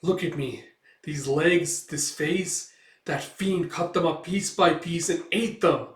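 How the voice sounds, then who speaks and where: A man's voice: a little high, takes it slowly, a bit bright, voice pushed up. A man voicing a bitter, maimed old physician who speaks in a grim, confiding way. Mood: vengeful. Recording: roomy echo, distant mic.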